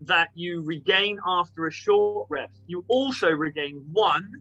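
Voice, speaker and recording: Bright-voiced, apologetic male player. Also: high-pitched, measured pace, creaky, dull audio, soft background music. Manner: apologetic, unsure about the rules. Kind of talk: casual tabletop game play.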